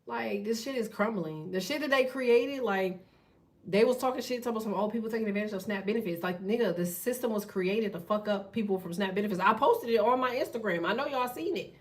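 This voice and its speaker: A woman hosting a tarot channel, talking in a blunt, profane, fast casual rant. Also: medium pitch, far from the mic. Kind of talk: casual ranting monologue.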